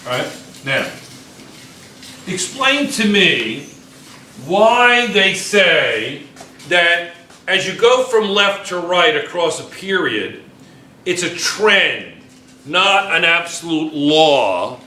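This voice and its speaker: A man teaches a chemistry class at a whiteboard in a slightly high, bright, forceful voice. He repeats points and keeps asking whether the students can follow. The classroom echoes around him, with a faint hum of room noise. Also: expressive, takes it slowly, distant mic. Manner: repetitive, checks in often with students. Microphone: camera in the room.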